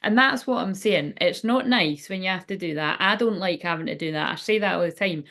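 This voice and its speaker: A woman's voice: fairly low pitch, brisk, a bit bright. A middle-aged woman giving a casual tarot reading, rambling and frank, swearing freely. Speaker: tarot reader. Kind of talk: casual spiritual reading chat.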